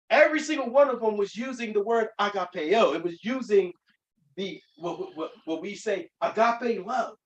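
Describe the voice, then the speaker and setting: This man's voice is very high-pitched, captured from a distance in an echoey room, and the recording sounds muffled. He is a Bible teacher delivering an emphatic teaching sermon, frequently restarting sentences and leaning on fillers.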